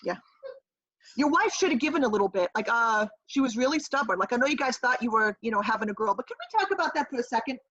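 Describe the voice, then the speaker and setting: Husky high-voiced woman improvising a comic scene. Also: quick pace. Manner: brash, rambling and deadpan. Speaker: improv performer. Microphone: video call. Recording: dull lo-fi video call audio.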